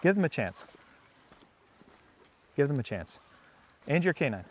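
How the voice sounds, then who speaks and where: A man's voice: fairly high pitch, big pitch swings, unhurried, muffled recording. A male dog trainer explaining his methods outdoors on a walk, earnest and emphatic, repeating his key phrases. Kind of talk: explaining on camera while walking a dog. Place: outdoors on a park trail.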